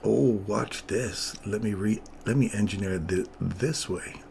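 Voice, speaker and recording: A man's voice: fairly low pitch, measured pace, creaky, a little mellow, a little hiss or hum. A man giving casual live commentary on his market trades, chatting with viewers as he works through the charts. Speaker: trading streamer.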